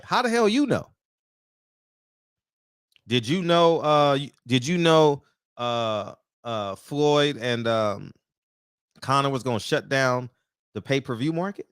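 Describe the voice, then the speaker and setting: A man's voice: medium pitch, fairly bright tone, no room sound, clean studio sound. A man hosting a commentary show, ranting heatedly and firing off rhetorical questions. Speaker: boxing commentary host.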